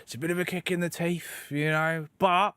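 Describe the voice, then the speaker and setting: A man's voice: fairly high pitch, normal speed, clear, resonant tone, no room sound. A man casting an esports event, bantering and joking between matches. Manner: jokey, animated, mimics voices. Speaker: esports caster.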